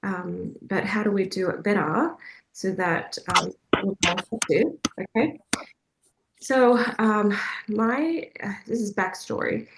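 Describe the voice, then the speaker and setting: Her mid-range voice is creaky and unhurried, with background noise and a roomy, echoey sound around it. Leading a faith group, this Australian woman tells a personal story casually, hesitating often, using lots of fillers, and laughing a good deal.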